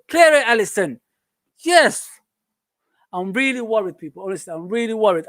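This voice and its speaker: A high-pitched man talks over a live football match in casual watch-along chat. He gets excitable and frustrated, calling out the players. The sound is dry and close. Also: no echo.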